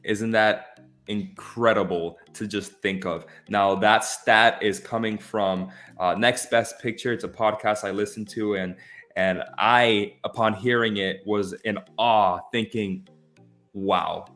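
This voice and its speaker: A man's voice: lowish voice, steady tone, measured pace, fairly bright tone, soft background music. A man co-hosting a casual film discussion podcast, talking in an impassioned, emphatic way with frequent restarts. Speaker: podcast co-host.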